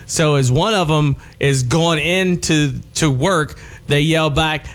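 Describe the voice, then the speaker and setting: A man co-hosting a radio show, telling a story in casual banter, animated and laughing often. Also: fairly high pitch, measured pace, faint music behind.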